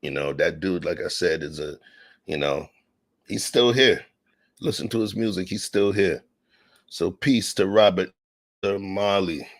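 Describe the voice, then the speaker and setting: Deep-voiced man talking casually. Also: measured pace, pauses often. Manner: emphatic, laughing, peppered with 'you know'. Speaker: host. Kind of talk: casual podcast chat.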